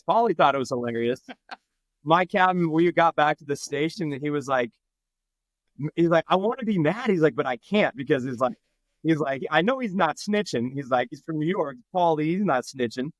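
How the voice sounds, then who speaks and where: A man's voice: fairly high pitch, no echo. A man from Nebraska, a firefighter guest, telling a story in casual chat and acting out the people in it. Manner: animated, acts out quoted voices.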